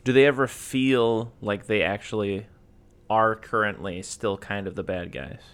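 A man's voice: lowish voice, fairly even intonation, measured pace, clean tone. A man in casual chat, wry and opinionated, who rambles as he works through his thoughts.

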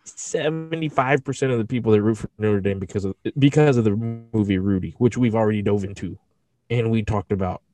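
Animated, swearing podcast co-host man. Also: fairly low pitch, a little fast. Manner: animated, profane, jokey. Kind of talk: casual podcast chat.

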